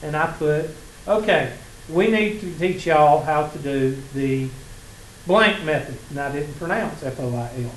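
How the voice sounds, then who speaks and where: A Southern man lecturing a math class in a folksy, teasing way, his voice sitting a little high for a man. The room is echoey, with a faint hum of classroom ambience behind him. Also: unhurried. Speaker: math instructor.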